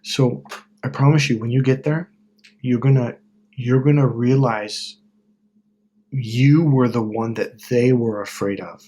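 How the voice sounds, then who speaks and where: A man's voice: mid-range voice, fairly even intonation, unhurried, long pauses, dark tone. A man from Wisconsin talking to camera in a rambling, profane, self-correcting monologue about self-help. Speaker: self-help video host. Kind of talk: casual monologue.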